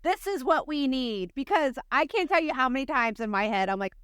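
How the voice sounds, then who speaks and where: A bubbly woman co-host with a high, lively voice that jumps around as she talks. She laughs often and speaks in exclamations. Her voice sounds smooth and dry. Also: fairly quick, no room sound. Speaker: podcast co-host. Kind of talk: casual interview chat.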